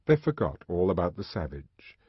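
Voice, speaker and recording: A man reading an audiobook with an expressive, dramatic delivery. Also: low-pitched, moderate pace, slightly rough, no room sound. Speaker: audiobook narrator. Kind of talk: audiobook narration. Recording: dull, dry lo-fi recording.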